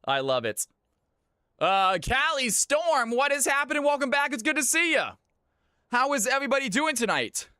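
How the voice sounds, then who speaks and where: A man hosting a live game stream, energetically giving shout-outs to chat and calling out teams. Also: extremely high pitch, very animated, normal speed, clear, resonant tone, no room sound, studio quality.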